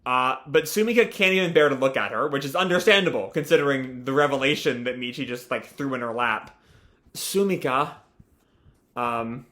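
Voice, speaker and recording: A man's voice: mid-range voice, pushed and bright. A young man casually reading a manga aloud and reacting, rambling with many fillers.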